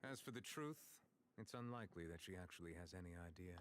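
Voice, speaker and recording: A deep stern chief justice. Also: male voice, animated, slight background noise. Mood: measured. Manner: formal, measured, reassuring. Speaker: game character.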